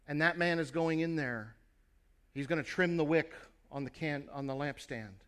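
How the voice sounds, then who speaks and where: A man delivers a sermon in a slightly higher voice. He tells the story earnestly and speaks straight to his listeners. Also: normal speed, fairly bright tone, smooth. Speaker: preacher.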